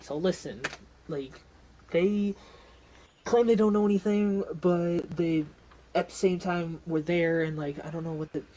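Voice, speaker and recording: A man voicing a bald, slender, short-tempered male detective who shouts down a hallway in exasperation. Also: fairly high pitch, fairly even intonation, brisk, dull audio, slight background noise, close to an everyday voice. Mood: irritated.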